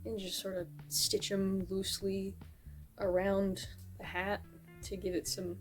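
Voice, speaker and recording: A woman's voice: medium pitch, little pitch movement, unhurried, faint music behind. A woman chatting casually in a vlog, rambling and self-deprecating, often a bit out of breath. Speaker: vlogger. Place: at home crafting, later outdoors on a walk.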